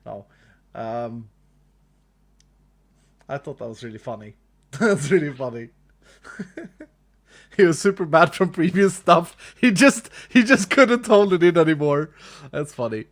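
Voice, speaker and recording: Swedish guy streamer, kinda higher voice, keeps laughing and repeating himself while talking to chat. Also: expressive, unhurried, pauses often. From Sweden. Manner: chuckly, repeats phrases, talks to chat. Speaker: livestreamer. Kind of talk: casual live-stream chat.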